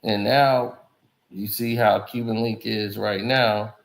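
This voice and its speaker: A commentary channel host talks in loose, rambling street slang for a casual commentary show. His voice is lowish, steady, gravelly, and slow, and the recording has a roomy echo.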